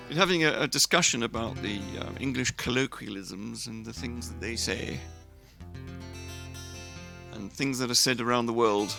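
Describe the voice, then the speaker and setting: A man's voice: mid-range voice, measured pace, vocal fry, long pauses, bright, forceful tone, soft background music. A man streamer chatting casually and rambling to his viewers, chuckling as he goes. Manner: rambling, chuckling, talks to chat. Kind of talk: casual live stream chat.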